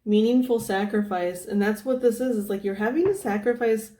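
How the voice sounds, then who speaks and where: A woman giving a casual tarot reading, thinking out loud with lots of fillers and restarts, often dropping to a soft, near-whispered tone. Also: a little high, a little fast. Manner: meandering, thinking aloud with many fillers. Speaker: tarot reader.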